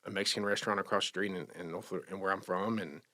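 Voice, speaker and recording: A man talks through a personal story in a low, unpolished voice. He speaks haltingly and with feeling, often repeating himself and starting over mid-sentence. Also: fairly even intonation, pushed and bright. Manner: emotional, halting, many restarts. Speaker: podcast guest sharing recovery story. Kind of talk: casual storytelling.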